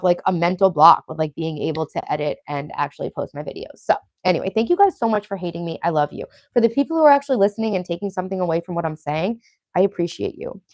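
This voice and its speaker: A woman's voice: mid-range voice, a little mellow, no echo. A woman in her late thirties with a Long Island accent, hosting a casual live stream, chatty and profane as she reads out viewer comments. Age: 30s. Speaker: livestream host.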